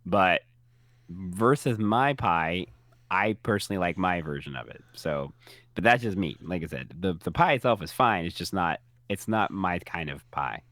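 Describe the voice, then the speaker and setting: A man co-hosting a podcast, chatting casually with expressive, sassy asides. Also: low-pitched, moderate pace, no echo. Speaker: podcast co-host. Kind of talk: casual chat.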